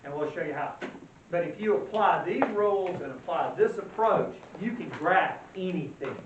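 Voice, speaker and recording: A man's voice: sits high, lively intonation, normal speed. A male math teacher giving a classroom lecture in a folksy way, quizzing the class and answering his own questions. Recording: roomy, distant, dull lo-fi sound with faint hiss.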